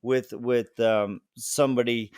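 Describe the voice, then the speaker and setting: A man's voice: medium pitch, steady tone, slow pace, a little mellow, clean tone, no echo, clean studio sound. A man hosting a podcast interview, talking in an earnest, emphatic way and repeating his key points. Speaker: podcast host. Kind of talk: conversational interview.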